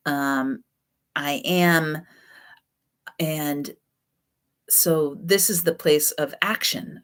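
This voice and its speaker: Low-voiced woman teaching casually. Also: a bit bright. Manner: conversational, loose, with frequent fillers and restarts. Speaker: class teacher.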